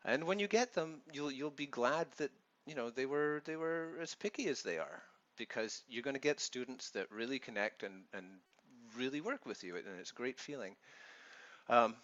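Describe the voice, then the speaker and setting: A man's voice: mid-range voice, lively intonation, moderate pace, fairly bright tone, highs cut off. A man with a Canadian accent who teaches English online, giving earnest, reassuring advice to new teachers in a vlog. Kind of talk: advice vlog talking to camera.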